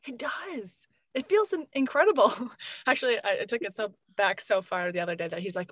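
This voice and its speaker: A woman's voice: high voice, brisk, dry recording. A woman in her thirties, a mother of three and a professor, chatting casually and acting out what others say, laughing often. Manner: animated, acts out quoted voices, laughs often. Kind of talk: casual chat.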